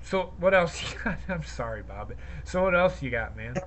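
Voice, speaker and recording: A woman's voice: low voice, lively intonation, normal speed. A woman co-hosting a wrestling podcast, ranting and swearing heavily in casual chat. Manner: profane, ranting, heated. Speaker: podcast co-host.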